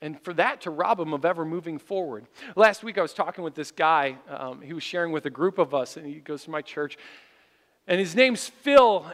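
A man with a strikingly high, bright, forceful voice preaches a sermon from the pulpit. He tells his stories with animation and now and then pushes up to a shout for emphasis. His voice trails off into a long reverb that fills the church sanctuary. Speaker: pastor.

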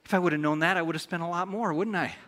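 A man's voice: high-pitched, rapid-fire, fairly bright tone. Playful male pastor in an echoing hall. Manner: playful, asks the congregation questions. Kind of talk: sermon. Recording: long hall reverb.

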